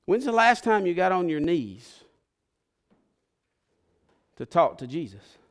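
A man preaching a sermon in an emotional, conversational way, moving from hushed confession to fervent pleas. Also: high-pitched, big pitch swings, slow pace. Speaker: pastor.

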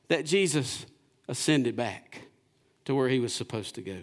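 A man, preaching a sermon in church, asking the congregation questions and swinging between loud and hushed delivery. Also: medium pitch, lively intonation, normal speed. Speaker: pastor.

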